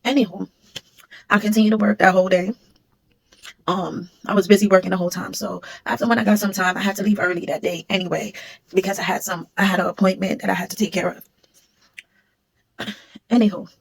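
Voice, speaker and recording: A woman's voice: mid-range voice, vocal fry, husky. A woman, a former security supervisor, casually telling a storytime vlog and acting out what others said. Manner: rapid, animated retelling, acting out what others said.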